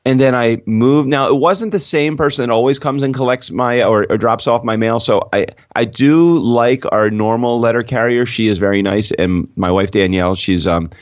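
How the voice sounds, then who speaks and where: A man's voice: medium pitch, normal speed, hardly any pauses, dry recording, lo-fi sound. A man co-hosting a podcast in casual chat, telling a rambling story and laughing often. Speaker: podcast co-host.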